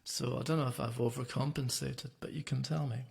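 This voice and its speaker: Between songs on a home livestream, a singer-songwriter chats loosely in a gravelly, slightly rough mid-range voice. He talks briskly and rambles in a relaxed way, full of fillers.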